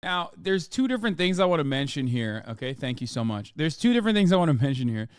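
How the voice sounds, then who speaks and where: A male streamer reacting live, animated and full of swearing. His voice sits a bit high and comes through smooth and resonant, recorded dry and close. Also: fast talker, no echo. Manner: animated, profane, ranting. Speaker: streamer host.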